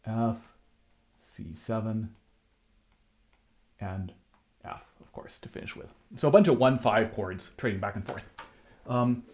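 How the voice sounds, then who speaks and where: A man teaching a harp lesson, explaining rhythm and counting the beats aloud as he plays, with frequent restarts. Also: a little high.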